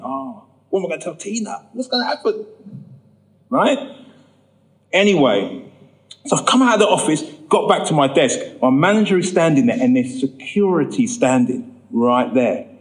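A man gives his testimony from the pulpit, captured on a rough recording. Voicing the characters of his story himself, the preacher rises to a high pitch at his most emphatic moments.

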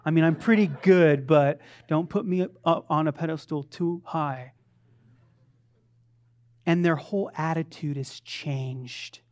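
A man preaching a sermon, moving between loud fervent declarations and soft, conversational asides. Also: fairly high pitch, measured pace. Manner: acts out quoted voices of his children playfully. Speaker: pastor.

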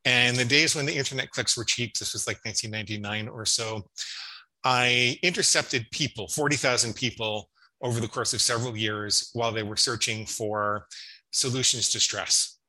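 A man's voice: mid-range voice, steady tone, moderate pace, pushed and bright, rough recording. A man in his fifties, a psychologist guest explaining and telling stories in a conversational interview, often restarting his words. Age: 50s. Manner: explanatory storytelling with frequent restarts.

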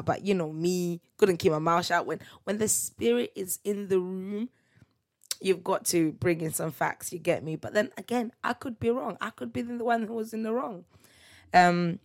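A young woman, chatting casually as the host of her own solo podcast. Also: on the low side. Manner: chatty, laughing, tag questions like "you get me?". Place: parents' house.

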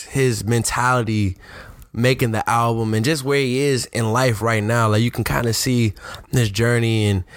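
An excited man co-hosting a podcast, his slangy talk about music quick and lively. His voice sits in a middle register. The mic is close and the sound is dry. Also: medium pitch, no echo. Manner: enthusiastic, slangy, animated. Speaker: podcast co-host. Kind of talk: casual hip-hop talk.

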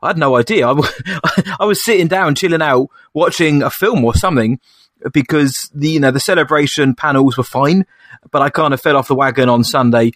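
A young man co-hosting a casual podcast chat, excitable and chatty, calling his friend "mate". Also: fairly high pitch, fairly quick, no room sound, clean studio sound. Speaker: podcast co-host.

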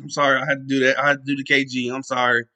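A man hosting his own podcast in casual sports talk, excited and rambling, often restarting his sentences. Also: mid-range voice, racing. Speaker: podcast host.

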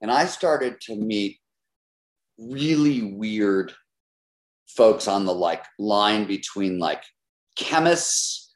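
Animated man chatting in an echoey room. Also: lowish voice, very slow, long pauses. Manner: animated, laughing, jumps between thoughts. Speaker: author being interviewed. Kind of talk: casual interview chat. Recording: roomy echo.

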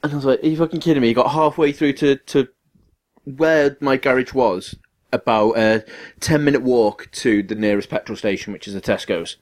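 A man's voice: mid-range voice, moderate pace. A man co-hosting a podcast, ranting through a long story in casual chat and swearing freely. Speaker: podcast co-host.

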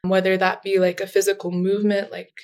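A woman's voice: mid-range voice, completely flat delivery, a little fast, darkish tone. A woman speaking as a therapist guest in a casual interview, explaining things in a chatty way with frequent fillers and light laughs.

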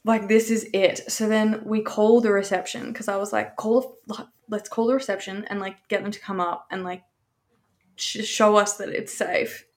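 A woman's voice: mid-range voice, little pitch movement, moderate pace. A young woman with an Australian accent, telling a story in a chatty, rambling way with frequent swearing. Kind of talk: casual storytelling.

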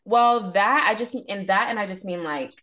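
A woman's voice: mid-range voice, moderate pace, pushed and bright. A young woman co-hosting a podcast in casual chat, rambling and filling her talk with "like.". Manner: rambling, heavy use of "like", laughs often. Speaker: podcast co-host.

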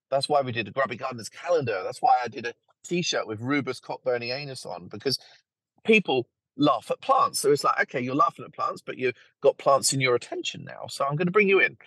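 A man, a podcast guest who talks about his plant marketing work and his book in a lively, chatty way and laughs easily. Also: mid-range voice, dry recording. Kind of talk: casual conversation.

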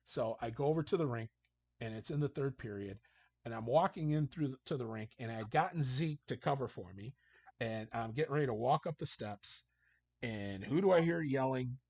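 A man's voice: mid-range voice, brisk, breathy edge, no room sound. A man, a hockey coach guest, telling casual anecdotes and acting out what people said. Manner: animated storyteller, acts out quotes. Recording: dull, dry lo-fi sound.

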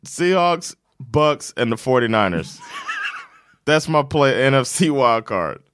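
A man co-hosting a casual sports chat, animated and profane, quick to joke and swear. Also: medium pitch, no room sound, clean studio sound. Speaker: podcast co-host.

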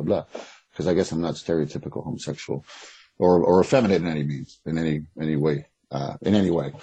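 A middle-aged man with a very low, husky voice talks fast and frankly as an interview guest. He rambles, restarts his sentences and speaks bluntly. The sound is dry and close. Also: dark tone, dry recording, low-quality recording. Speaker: guest, author. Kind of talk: casual interview conversation.

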